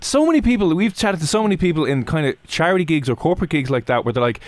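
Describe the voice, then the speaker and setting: A man hosting a casual chat, jokey and quick to act out what people say. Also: a little high, no echo. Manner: lively, jokey, acts out quotes. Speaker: podcast host.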